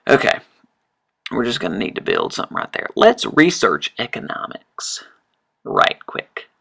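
A chatty man talks through his strategy game in loose, meandering commentary. His gravelly voice swings widely in pitch and carries a bright, sharp edge. He trips over himself with fillers, then bursts into excited exclamations. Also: unhurried, a little hiss or hum. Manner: rambling, chatty, frequent fillers and self-corrections. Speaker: let's-play host. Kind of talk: casual gameplay commentary.

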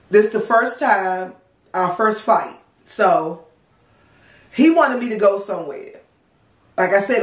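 A woman in her thirties from the Washington DC area, telling a personal story in a casual, profane, animated and wry way. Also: medium pitch. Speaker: storytime vlogger. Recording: roomy sound, distant from mic.

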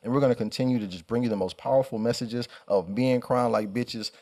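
A man's voice: medium pitch, fairly even intonation, brisk, dark tone. Emphatic, profane male podcast host. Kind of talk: casual podcast talk.

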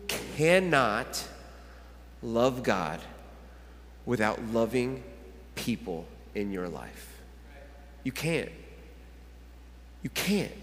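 Pastor preaching in a reverberant church hall. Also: male voice, medium pitch, a little hiss or hum. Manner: conversational, repeats phrases and restarts. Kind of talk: sermon with a children's book read aloud.

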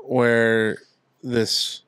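Man, podcast co-host, casual animated chat, dry studio sound. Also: mid-range voice, very slow, smooth, dry recording. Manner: animated retelling of videos. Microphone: studio microphone.

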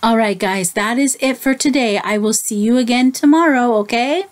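A woman teacher reading a picture book aloud to children, gently stopping to ask them questions. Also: fairly high pitch. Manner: slow, gentle, asks the listeners questions. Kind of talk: children's story read-aloud.

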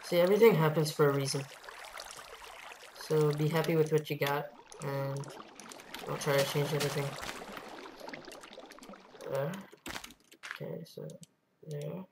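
A woman giving casual let's-play commentary, rambling along and bursting into excited yelps. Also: deep voice, measured pace, pauses often. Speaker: gameplay commentator. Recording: noisy home computer mic.

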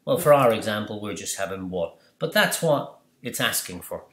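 A man presenting a screen-recorded software tutorial, chatty and explanatory, asking and answering his own questions. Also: on the low side, expressive, moderate pace. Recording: roomy echo.

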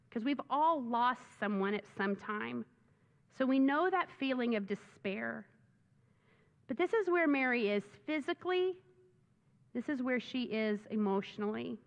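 High-voiced animated woman pastor preaching. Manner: animated, enthusiastic preaching with rising exclamations. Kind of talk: sermon. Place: church sanctuary. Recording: dull sound with long reverb in a church.

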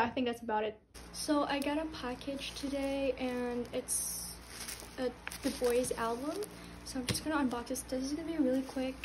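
A young woman vlogging casually at home, halting and restarting, gasping and squealing with excitement. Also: high-pitched. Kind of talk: casual unboxing chat. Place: home room.

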